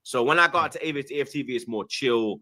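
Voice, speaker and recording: A young man with a London accent tells an animated story, full of slang, acting out the voices of the people in it. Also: mid-range voice, quick pace. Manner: lively, slang-heavy, acts out quoted voices. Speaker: guest.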